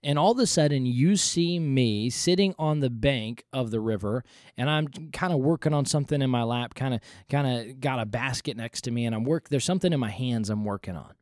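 A man in a middle pitch teaches in an earnest, conversational way, circling back to repeat each key point so it sinks in. The sound is dry, with no room echo at all. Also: brisk, darkish tone. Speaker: podcast host.

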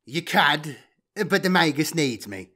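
A man's voice: fairly high pitch, very animated, measured pace, pushed and bright, full character voice. A man playing a greedy, sardonic human data trader in an audio story. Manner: wheedling, sardonic.

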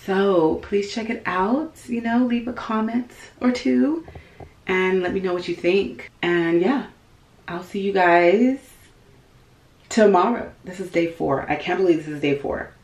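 A woman vlogging casually from her home closet, chatty and thinking out loud to herself. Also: medium pitch, measured pace, reverberant. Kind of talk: casual vlog chat.

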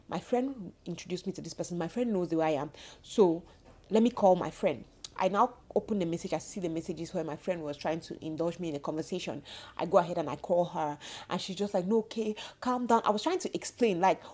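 Woman vlogger in her 30s with a lowish voice, animated indignant storytelling. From Cameroon. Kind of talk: casual storytime vlog.

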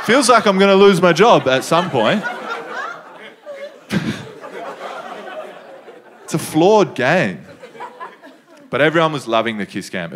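A man's voice: on the high side, fairly bright tone, slight background noise. A young man with an Australian accent doing laid-back stand-up storytelling on stage. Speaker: stand-up comedian.

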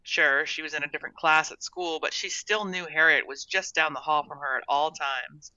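Bright, measured storybook narrator. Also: mid-range voice, no echo, lo-fi sound. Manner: measured, expressive reading. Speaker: audiobook narrator.

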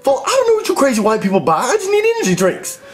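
A man's voice: extremely high pitch, wildly swooping pitch, very fast, music in the background, heavily acted. A man voicing a lazy, slangy male gamer creature who keeps calling people "folk" and pleads in a whiny way. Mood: pleading.

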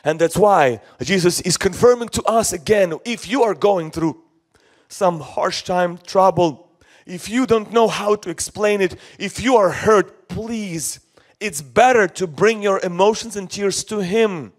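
Slow, high-voiced preaching man. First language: Russian. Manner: earnest, repeats phrases, speaks in short phrases. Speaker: pastor. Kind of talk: sermon. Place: church.

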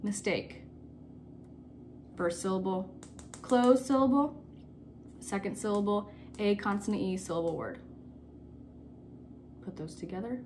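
A woman teacher giving a recorded phonics lesson to children, patient and repeating key words slowly. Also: mid-range voice, a little mellow, a little hiss or hum.

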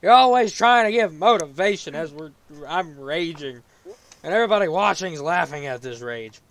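Excitable gamer man yelling at the game. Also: on the high side, normal speed. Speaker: gaming YouTuber. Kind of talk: game commentary.

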